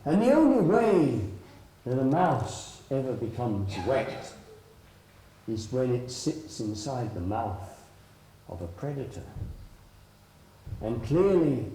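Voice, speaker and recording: A man's voice: mid-range voice, very animated, takes it slowly, long pauses, warm tone. A man telling a traditional story live at a festival, dramatic and swooping, drawing out his words. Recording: roomy live hall with faint noise.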